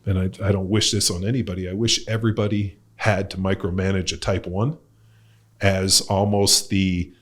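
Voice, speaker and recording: In casual podcast talk, a middle-aged man who hosts the show and works as a coach speaks in a low, flat voice at normal speed. He rambles loosely, filling gaps with fillers and swearing bluntly.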